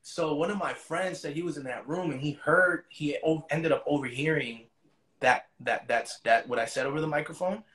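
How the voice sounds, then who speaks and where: A man's voice: a little high, normal speed, fairly bright tone. A man as an interview guest, retelling a story in casual, profane slang.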